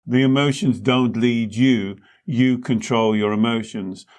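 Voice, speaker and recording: Male therapist-host, steady explainer, mid-pitched voice, teaching tone. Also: measured pace. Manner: calm explaining, uses analogies. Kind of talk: teaching talk.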